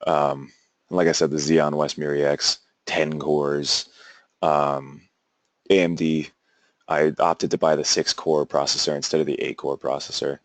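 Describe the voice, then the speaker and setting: A young man with a very low voice gives a classroom lecture, wandering through his points with plenty of "uh"s and false starts. The sound is dry and close, with little room around it. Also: little pitch movement, unhurried, no echo. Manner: rambling, many fillers and restarts. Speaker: teacher.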